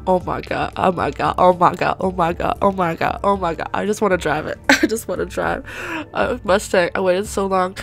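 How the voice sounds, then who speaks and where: A woman giving excited, gushing commentary while playing a racing game, swearing freely and often gasping and laughing. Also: lowish voice, moderate pace, creaky, soft background music. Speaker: gaming channel host.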